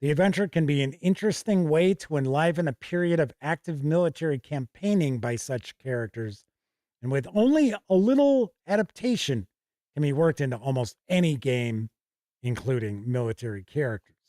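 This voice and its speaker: Middle-aged man, stream host, reads aloud and self-corrects, slightly high voice, dry close sound. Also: animated, normal speed, dark tone, dry recording. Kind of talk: casual livestream review.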